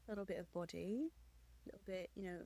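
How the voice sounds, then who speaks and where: A frank, opinionated woman talking casually on a podcast. Her voice is low and gravelly, with plenty of fry. She scatters "like" through her sentences. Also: fast, dark tone. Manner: opinionated, frank, heavy use of "like".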